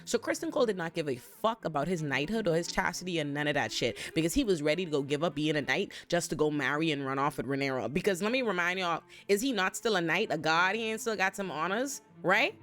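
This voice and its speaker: A low-voiced woman hosting a casual recap of a TV show. She talks in an animated, profane way, and her voice jumps up suddenly when she gets worked up. Faint music plays behind her. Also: a little fast. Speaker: TV recap host.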